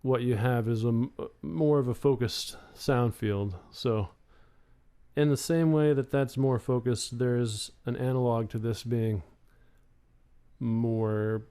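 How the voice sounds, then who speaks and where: A man's voice: steady tone, slow pace, dark tone, smooth. A man co-hosting a livestream from a studio, explaining gear methodically in casual talk while thinking aloud. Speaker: livestream co-host. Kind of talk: casual technical chat. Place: home studio in Austin, Texas. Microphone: studio condenser microphone. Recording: air conditioning hum and computer rumble in the room.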